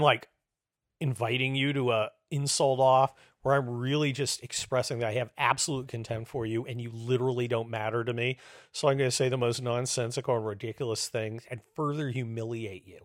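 A man in his fifties hosting a show, delivering a profane, sarcastic comedic rant that swings between loud outbursts and low muttering. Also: no echo, studio quality. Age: 50s. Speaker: host.

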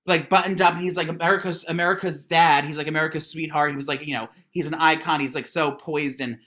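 A man co-hosting a podcast, chatting and gossiping in an animated way, stammering and swearing, with lots of fillers. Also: fairly high pitch, fast. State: congested, has to blow his nose. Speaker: podcast co-host. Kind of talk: casual gossip chat.

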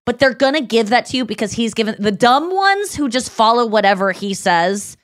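A woman's voice: a little high, animated, fairly quick, no room sound, studio quality. A woman hosting a podcast in casual chat, rambling with lots of "like" and acting out her own thoughts. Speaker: podcast host.

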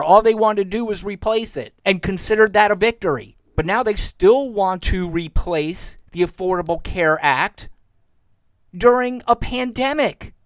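A man from Florida hosts a solo political podcast from home, growing more sarcastic and worked up as he goes. His voice sits high, and the home recording mic picks up no echo.

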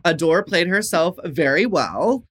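Bright, playful woman on a video call. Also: lowish voice, animated, measured pace, husky. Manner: playful, exclamatory, laughs often. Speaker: drag performer guest. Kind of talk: casual chat.

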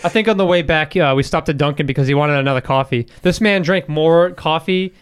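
A man's voice: on the high side, fairly quick, clean tone. A young man on a casual podcast, telling a story with swearing and acting out the quotes. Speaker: guest storyteller.

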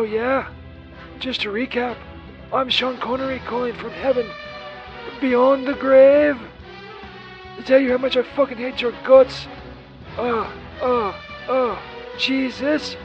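A man doing a wobbly Scottish-ish film star. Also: very high-pitched. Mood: abusive. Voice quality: accent slipping between Scottish, Irish and his own. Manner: rambling, halting and insulting. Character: crude hostile impression of an old Scottish film star, man. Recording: muffled voicemail recording with faint music.

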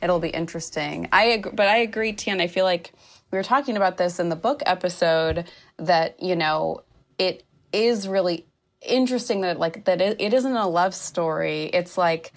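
A woman in a relaxed book-club podcast chat. Her voice sits a little low, and she talks loosely, with plenty of "like" and quick laughs. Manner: chatty, lots of fillers, laughs easily. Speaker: podcast co-host.

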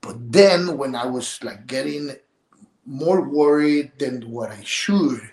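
A man's voice: mid-range voice, expressive, darkish tone. Emotional middle-aged man in echoey room. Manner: halting, repeats words, voice drops to near whisper at times. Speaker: interview guest. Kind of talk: emotional interview talk. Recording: roomy echo.

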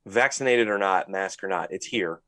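A man with a fairly low voice co-hosts a casual podcast. He talks bluntly and thinks out loud, swearing freely. The sound is dry and close. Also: normal speed, no echo. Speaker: podcast co-host. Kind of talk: casual chat.

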